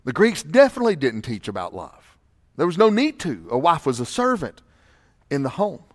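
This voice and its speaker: A man's voice: fairly high pitch, huge pitch swings, moderate pace. A male pastor preaching a sermon emphatically, with repeated rhetorical questions, in a church sanctuary with long reverb.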